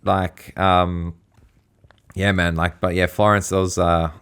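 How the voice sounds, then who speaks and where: Rambling Australian man, low voice. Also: little pitch movement, slow, fairly bright tone, smooth. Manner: rambling, slangy storytelling, full of fillers. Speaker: podcast co-host. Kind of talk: casual podcast chat.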